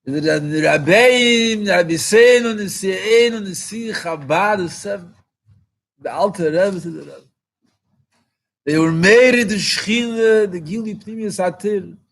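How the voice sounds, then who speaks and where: High husky-voiced rabbi, impassioned. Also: male voice, measured pace, a bit bright. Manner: impassioned, repeats phrases for emphasis, rising to exclamations. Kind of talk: farbrengen talk.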